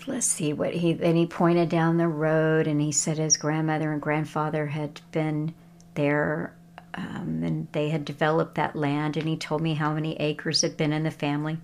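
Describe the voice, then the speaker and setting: A woman's voice: sits low, gravelly. A woman telling a personal story in a casual, conversational way, with chuckling asides. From Texas.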